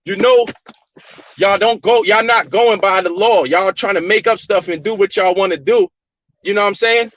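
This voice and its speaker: A man's voice: sits high, moderate pace, a bit bright, dry recording, lo-fi sound. A man filming on his phone and arguing insistently with court staff, repeating his points. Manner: insistent, argumentative, repeats himself. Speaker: vlogger confronting court staff. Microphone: phone held by the speaker.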